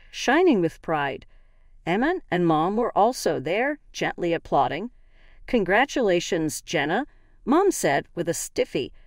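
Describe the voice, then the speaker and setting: A woman narrating a first-person family story in a steady, slightly stilted way. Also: fairly low pitch, no echo, clean studio sound.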